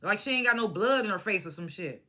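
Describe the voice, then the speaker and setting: Young woman, bright and forceful voice, casual profane TV recap, blunt opinions. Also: medium pitch, expressive, fast talker. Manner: blunt, profane and opinionated, mimics cast members. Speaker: reality TV recap vlogger. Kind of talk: casual reality show review.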